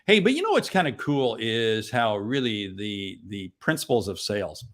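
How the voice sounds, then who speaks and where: Lively, jokey male podcast host. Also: lowish voice, moderate pace. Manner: jokey, energetic, playful interjections. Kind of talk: upbeat interview chat.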